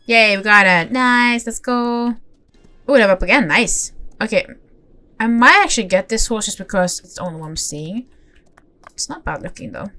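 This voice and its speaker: A young woman giving casual, excitable commentary as she plays a horse game, talking to herself and the horses with gasps and squeals. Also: medium pitch. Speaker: gaming channel host.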